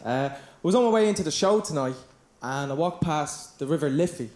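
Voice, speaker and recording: A man from Dublin with a Dublin accent opening a stand-up comedy set, chatty with deadpan put-downs. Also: fairly high pitch, fairly quick, echoey room. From Dublin, Ireland.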